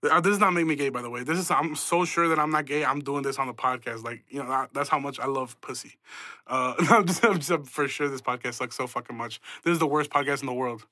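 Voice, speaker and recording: A man's voice: medium pitch, fast talker, sharp tone, no room sound, clean studio sound. A young man hosting a podcast, telling stories in a profane, self-mocking, casual way and laughing often. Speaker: podcast host. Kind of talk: casual storytelling.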